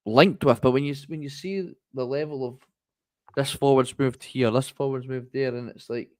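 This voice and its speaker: A man's voice: mid-range voice, steady tone, normal speed, a little mellow, no room sound, studio quality. A man co-hosting a football podcast over a video call, talking in a rambling, frustrated way with many restarts. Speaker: podcast co-host.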